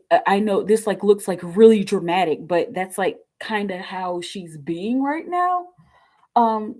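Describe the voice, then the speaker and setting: Woman tarot reader, casual live stream, laughs a lot, chatty and animated. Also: medium pitch. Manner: giggly and animated, lots of fillers.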